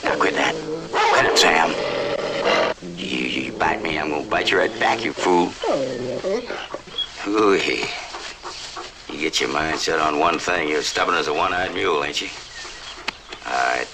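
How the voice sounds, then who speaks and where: An actor playing a middle-aged frontier uncle who leads a search party, with a folksy, commanding drawl. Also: male voice, rumbling low, measured pace, long pauses. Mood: teasing. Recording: film soundtrack with background noise.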